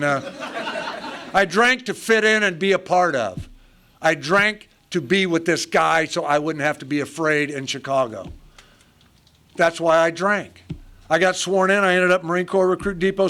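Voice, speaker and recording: High bright-voiced man telling his story. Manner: self-mocking, blunt, punchy short sentences. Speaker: recovery meeting speaker. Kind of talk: humorous personal storytelling. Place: live meeting room before an audience.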